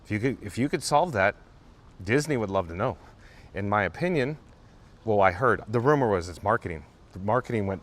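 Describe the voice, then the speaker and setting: A man's voice: on the low side, lively intonation, fairly quick. Man chatting on a live walk-along stream. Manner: chatty, repeats viewer names, emphatic asides. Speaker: live-stream host answering chat. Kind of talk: casual live-stream chat while walking. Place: outdoors in a theme park.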